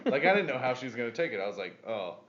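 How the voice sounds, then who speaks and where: A married man co-hosting a casual podcast, swearing freely and rising into loud bursts when he retells a story. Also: medium pitch, big pitch swings, racing, dull audio, crowd noise. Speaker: podcast co-host.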